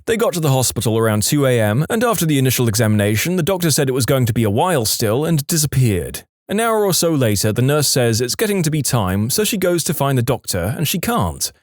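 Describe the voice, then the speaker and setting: A man narrating short funny stories in a lively storytelling manner, now and then dropping into quick comic voices for quotes. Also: mid-range voice, no room sound, clean studio sound. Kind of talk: scripted narration.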